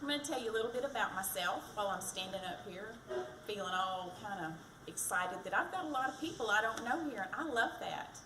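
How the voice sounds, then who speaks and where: At a fire department community event, a woman gives a chatty, self-deprecating campaign speech for county treasurer. Her mid-range voice is expressive and fairly quick, with few pauses. The recording is echoey, with a distant mic and background noise.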